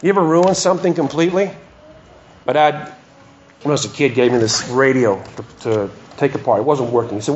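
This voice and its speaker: A man's voice: medium pitch, a little fast, darkish tone, lo-fi sound, a little hiss or hum. A pastor preaching a sermon in a church hall, telling stories and then pressing his points with emphasis.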